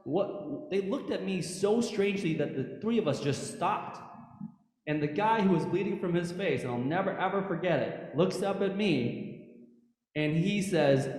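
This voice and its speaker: A man in his thirties, a prosecutor and former police officer, telling animated stories to a church audience and often asking "right?". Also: high-pitched, measured pace. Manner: animated storyteller, repeats himself, rhetorical "right?". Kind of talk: storytelling talk to a church audience. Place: church hall. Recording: echoey church hall with long reverb.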